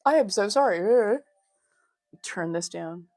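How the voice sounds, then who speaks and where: A woman's voice: medium pitch, expressive, unhurried, dry recording. Woman chatting on her livestream, laughs a lot, says hi to everyone, dry close mic sound. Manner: chatty, laughs often, greets viewers warmly as darlings. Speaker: livestream host. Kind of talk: casual livestream chat.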